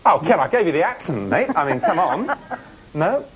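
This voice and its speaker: A man's voice: a little high, sing-song, normal speed, poor audio. A man hosting a TV quiz show in a studio, bantering and teasing the contestants between questions. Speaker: game show host.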